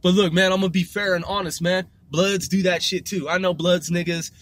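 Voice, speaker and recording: High-voiced, profane rambling man. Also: fairly even intonation, a little fast, a bit bright. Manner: profane, slangy, repetitive and rambling. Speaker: vlogger. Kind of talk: rambling casual monologue.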